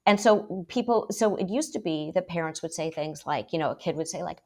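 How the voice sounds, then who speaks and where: A woman talking in a lively debate about parenting, emphatic and quick to act out how parents speak. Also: lowish voice. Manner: emphatic, quick to mimic parents in put-on voices.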